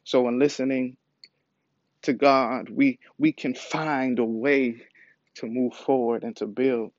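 A man preaching a sermon with measured, emphatic repetition and frequent pauses and fillers. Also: mid-range voice, fairly even intonation, no room sound, lo-fi sound.

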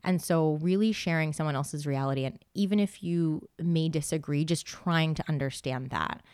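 A woman's voice: low-pitched, normal speed, a little mellow, clean tone, no echo, clean studio sound. A chatty woman speaking casually in a podcast conversation, telling stories with quoted asides. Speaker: podcast guest.

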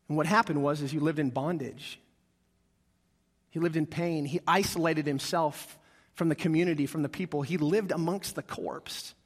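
A man preaching a sermon, telling a story with acted-out voices and calls to the congregation. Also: sits high. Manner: animated, acts out quoted voices, asks the congregation. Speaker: pastor. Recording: long reverb of a large hall.

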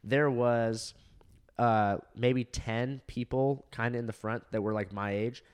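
Young man, comedian, casual profane storytelling, laughing, mid pitch. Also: fairly even intonation, a little slow, clean tone. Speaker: stand-up comedian.

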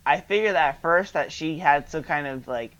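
A man's voice: a little high, normal speed, clear, resonant tone. A young man co-hosting a podcast, telling a story in casual chat and acting out the dialogue. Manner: animated storyteller, acts out dialogue. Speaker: podcast co-host. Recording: dull lo-fi podcast audio.

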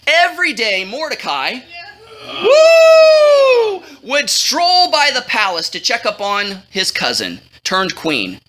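A woman's voice: mid-range voice, very animated, unhurried, hardly any pauses, sharp tone, slight background noise. A woman telling a comic storybook tale to a young audience, playful and jokey, teasing her listeners.

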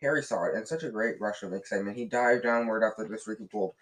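A man reading a novel aloud in a lively way, often slipping and restarting words. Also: fairly low pitch, fast talker, low-quality recording. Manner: lively, with frequent slips and restarts. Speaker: reader.

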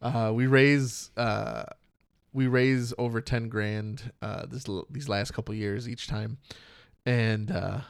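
A man's voice: medium pitch, fairly even intonation, slow pace, creaky, smooth, no room sound, clean studio sound. A man in his thirties from Michigan, co-hosting a casual podcast chat, telling stories in a cynical, swearing way. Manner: cynical, swears a lot, storytelling. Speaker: podcast co-host.

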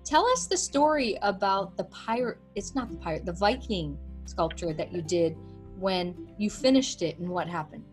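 A woman hosting a casual interview. She reacts warmly and asks friendly questions. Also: medium pitch, animated, normal speed, faint music behind. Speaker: host and author.

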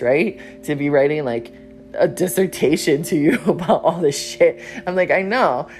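A woman's voice: deep voice, lively intonation, unhurried, darkish tone, faint music behind. A woman hosting her own podcast, telling a story in a blunt, profane, casual monologue from home. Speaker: podcast host.

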